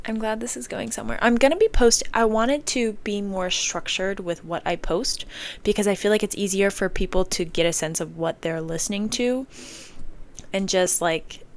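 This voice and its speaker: A young woman hosting a casual solo talk, rambling and emphatic, with frequent "like" and blunt swearing, recorded on her phone indoors. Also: lowish voice. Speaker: podcast host. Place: indoors under an air vent.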